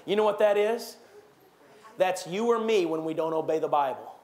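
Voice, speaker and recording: A man preaching a sermon in a church, animated, acting out gossiping churchgoers with raised voices. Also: sits high, normal speed, slight background noise. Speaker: pastor. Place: church sanctuary.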